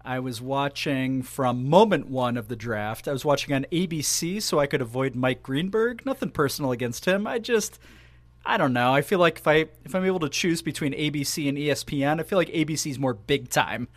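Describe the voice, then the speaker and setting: A man's voice: mid-range voice, animated, fairly quick, no echo. A man co-hosting a casual sports podcast, rambling in a playful, self-mocking way. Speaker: podcast co-host.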